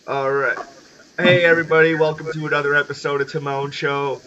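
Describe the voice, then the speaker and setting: A man's voice: fairly high pitch, flat delivery, brisk, noisy background. A young American man hosting a casual podcast chat, laughing often and restarting his sentences. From United States. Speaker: podcast host. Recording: dull lo-fi audio.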